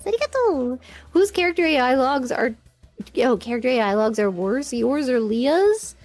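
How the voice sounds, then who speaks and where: A woman's voice: high voice, lively intonation, moderate pace, a little mellow, faint music behind. A woman streamer telling a story in a casual, rambling way, often giggling and restarting her sentences.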